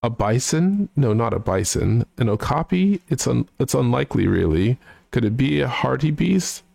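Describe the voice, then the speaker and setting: A man's voice: mid-range voice, sing-song, moderate pace, vocal fry, a little mellow, dry recording, full character voice. A man putting on a posh British accent to voice a snooty singer of a comic song, sing-song and stumbling over the wordplay. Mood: jaunty. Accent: put-on upper-class British.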